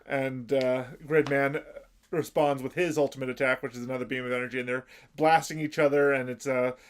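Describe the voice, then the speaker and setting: A man with an ordinary mid-pitched voice chimes in to correct and fill out an episode recap. His delivery is plain and conversational. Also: flat delivery, brisk, clear, resonant tone. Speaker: podcast co-host. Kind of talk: casual anime recap chat.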